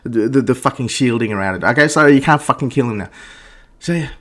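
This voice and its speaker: A man's voice: medium pitch, quick pace. Male gaming vlogger, mid-range voice, profane ranting monologue, stammers and restarts. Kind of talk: ranting game review monologue.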